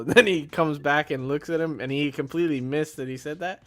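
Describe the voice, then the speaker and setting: A man's voice: fairly high pitch, fairly quick. A man in casual chat, reviewing a film and eagerly retelling its scenes. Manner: animated retelling of scenes, acts out lines. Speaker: podcast co-host.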